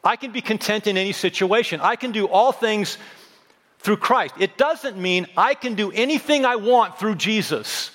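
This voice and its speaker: High-voiced pastor in his fifties preaching. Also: animated, moderate pace, a bit bright, in a large hall. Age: 50s. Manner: emphatic preaching with repeated phrases and humorous asides. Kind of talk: sermon.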